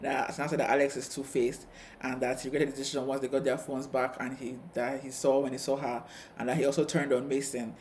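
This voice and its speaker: A man co-hosting a casual TV review chat, retelling scenes with quick asides. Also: mid-range voice, level tone, a little mellow, slight background noise. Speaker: co-host of a TV review channel.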